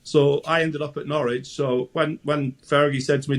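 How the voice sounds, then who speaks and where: A man's voice: on the high side, flat delivery, moderate pace, few pauses. A Scottish man in his sixties, a former goalkeeper, chatting as a guest and telling anecdotes with frequent restarts. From Scotland. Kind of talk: casual interview chat.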